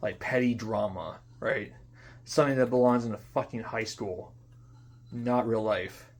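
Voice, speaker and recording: A young man in an unscripted monologue, venting in frustration, swearing often, repeating himself and trailing off into quiet mutters. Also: lowish voice, a little slow. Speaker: vlogger.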